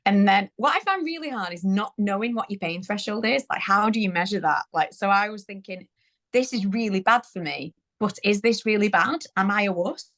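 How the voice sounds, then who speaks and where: A woman's voice: mid-range voice, animated, a little fast, a bit bright. A woman in her thirties, guest on a parenting interview, chatting casually and laughing often as she retells events. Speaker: guest sharing birth story. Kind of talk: casual conversational storytelling.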